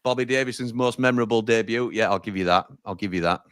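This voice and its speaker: A man's voice: on the low side, fast, a bit bright, clear, resonant tone, no room sound, clean studio sound. A man from Sheffield hosting a fan watch-along stream, chatting casually and reading out viewer comments with frequent laughs.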